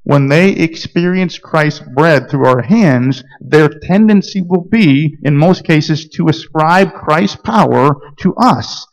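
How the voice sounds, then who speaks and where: Gravelly-voiced man preaching a sermon. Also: fairly high pitch, animated, slow pace, hardly any pauses, rough recording. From Georgia, US. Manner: earnest storytelling with frequent fillers and restarts. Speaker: pastor.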